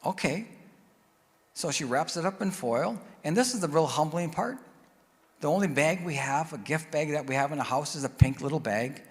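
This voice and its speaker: A man's voice: on the high side, normal speed. Man telling a testimony in a reverberant church. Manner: animated storytelling, acting out quoted voices. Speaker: guest speaker. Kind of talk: personal testimony sermon. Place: church sanctuary.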